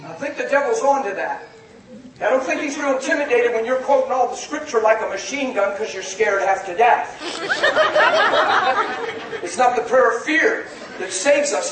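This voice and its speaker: High-voiced folksy preacher man in an echoey hall. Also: distant mic. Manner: folksy, laughing, rising to shouts. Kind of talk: sermon. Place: church hall.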